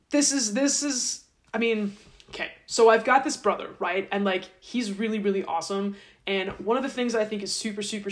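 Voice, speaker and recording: Woman, podcast host, casual retelling, irreverent, fairly high voice. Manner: irreverent, chatty, swears lightly.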